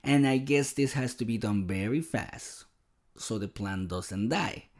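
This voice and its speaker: A man hosting a podcast, telling a personal story in an animated, self-deprecating way. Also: mid-range voice, measured pace. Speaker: podcast host. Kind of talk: casual storytelling monologue.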